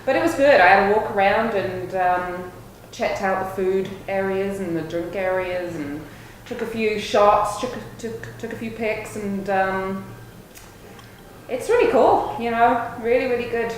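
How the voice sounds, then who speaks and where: A woman's voice: medium pitch, unhurried. A woman co-hosting a pub talk show, upbeat and casual with um fillers. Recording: very echoey pub with faint noise.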